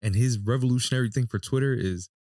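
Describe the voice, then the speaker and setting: A man co-hosting a podcast, joking loudly and acting out other people's lines in jumpy voices. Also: medium pitch, quick pace, no room sound, studio quality. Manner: animated joker, acts out quotes in jumpy voices. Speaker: podcast co-host. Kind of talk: casual chat.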